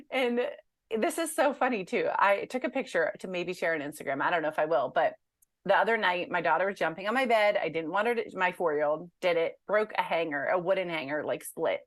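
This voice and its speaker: A woman author talking as an interview guest in a chatty, animated way, with a lot of "like" and "you know". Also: medium pitch, brisk, dry recording, clean studio sound. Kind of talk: casual interview conversation.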